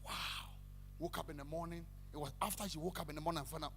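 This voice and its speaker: A man preaching a sermon, animated, breaking into shouted sing-song calls to the congregation. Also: fairly high pitch, quick pace. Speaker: pastor. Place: church hall. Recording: echoey church hall with faint hum.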